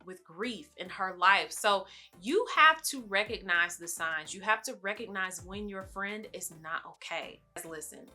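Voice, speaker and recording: A young woman talks straight to her viewers in a very bright, crisp voice, chatty and familiar as she hands out advice. Soft music plays faintly under her words. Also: mid-range voice, expressive, a little slow. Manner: chatty, addresses viewers as y'all and baby. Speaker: lifestyle vlogger. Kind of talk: casual advice talk to camera.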